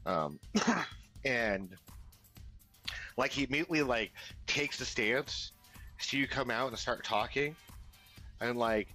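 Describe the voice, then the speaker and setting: A man's voice: medium pitch, expressive, slow pace, long pauses, pushed and bright, faint music behind. A man narrating as game master of a tabletop game, rambling with lots of fillers and restarts.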